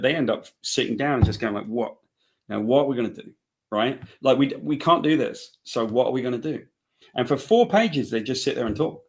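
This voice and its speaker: A man, a comic book writer, talking casually in an interview, rambling and restarting his sentences as he tells stories. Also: mid-range voice. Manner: rambling, restarts often, acts out quoted dialogue.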